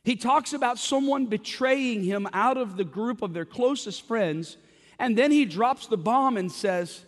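A male pastor delivers a Sunday sermon with a notably high voice. He talks to the congregation conversationally, tossing out rhetorical questions and stumbling over repeated words. His voice rings out with a long reverb across a large hall. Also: lively intonation, a little slow. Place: church service.

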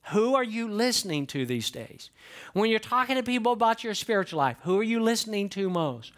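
A man's voice: high voice, fairly bright tone. A male pastor preaching a sermon, emphatic and repeating key lines to the congregation.

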